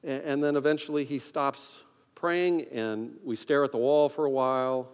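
A man's voice: mid-range voice, steady tone, normal speed, clear, resonant tone. A man, a pastor, telling a personal story in a sermon, conversational and self-deprecating, acting out his own inner thoughts. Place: church sanctuary. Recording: long reverb of a large hall.

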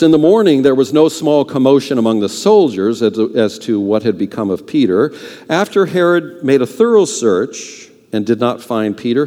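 A middle-aged male pastor telling a story in a sermon, animated, acting out the voices of the people in it. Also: mid-range voice. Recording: long hall reverb.

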